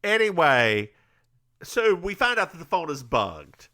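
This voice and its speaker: Animated, bright-voiced male podcast host. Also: fairly high pitch, a little slow. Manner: animated storyteller, slips into voices. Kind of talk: casual episode recap chat.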